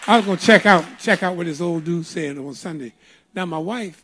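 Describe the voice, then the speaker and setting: A man's voice: high voice, a little fast, a bit bright, husky. An older man preaching a sermon in a church, telling a folksy story with emphatic, playful delivery. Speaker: pastor. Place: church sanctuary.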